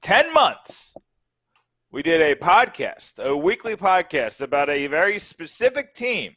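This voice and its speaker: Rambling, upbeat New podcast co-host. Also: male voice, on the high side, sing-song, normal speed, a bit bright, no room sound. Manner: rambling, upbeat, restarts often. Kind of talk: casual chat.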